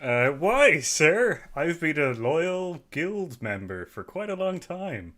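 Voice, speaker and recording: A man's voice: a little high, very animated, slow, fairly bright tone, slight background noise, full character voice. A man playing a flustered dwarf brewmaster. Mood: pleading.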